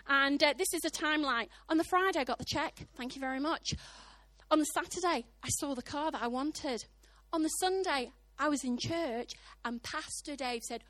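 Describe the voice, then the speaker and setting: A woman preacher with a British accent, high-pitched and bright, delivering a lively sermon. She is middle-aged and throws herself into the voices in her stories. The sound is close and dry. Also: no echo. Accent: British English. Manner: animated, acts out voices of God and others.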